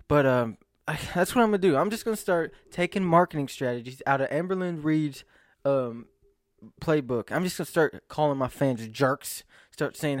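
A man's voice: a little high, dry recording, studio quality. A young man vlogging to camera in a rambling, self-mocking monologue, often breaking into laughs and sighs.

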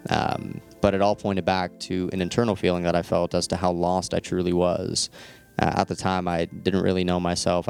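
A man with a deep, gravelly voice recounts a personal story in a candid, unpolished way. He swears freely and breaks into little laughs mid-sentence. The sound is close and dry. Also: no room sound.

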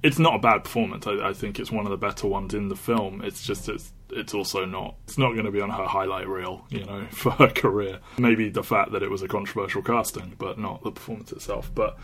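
Low-voiced man reviewing films. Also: fairly even intonation, fairly quick, few pauses, fairly bright tone. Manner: chatty, restarts sentences, laughs often. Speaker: podcast co-host. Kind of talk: casual film review chat.

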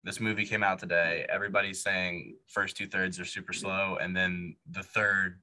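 A man's voice: deep voice, little pitch movement, normal speed, sharp tone. A man co-hosting a casual movie podcast, rambling with lots of fillers and restarts. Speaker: podcast co-host.

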